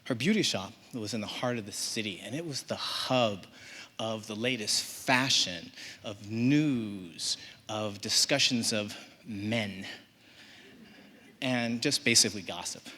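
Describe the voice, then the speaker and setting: A man reading a personal story live on a theater stage, expressive and humorous. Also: lowish voice, takes it slowly. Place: theater stage before an audience.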